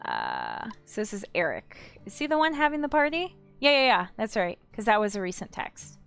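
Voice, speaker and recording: A woman's voice: mid-range voice, huge pitch swings, normal speed, gravelly, fairly bright tone, clean tone, soft background music. A woman casually commenting on a game as she plays, reading its texts aloud, chatty and giggly, often correcting herself. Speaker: let's play gamer.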